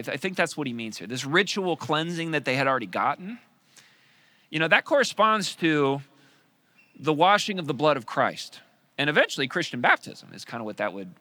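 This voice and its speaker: Animated joking pastor, man. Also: a little high. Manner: animated, conversational, joking asides. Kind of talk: sermon.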